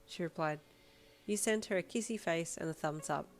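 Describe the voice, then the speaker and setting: A woman narrating a fan fiction audiobook in a steady second-person storytelling manner. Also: low voice, brisk, faint music behind.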